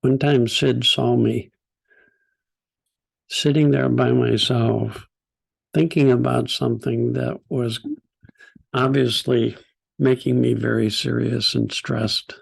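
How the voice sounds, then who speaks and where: An older man speaks with a deeply gravelly, husky voice. He tells stories to a group in a gentle, unhurried way. His pitch sits in the middle. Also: fairly even intonation. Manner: gentle, unhurried storytelling with soft laughs. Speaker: teacher. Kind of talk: storytelling talk.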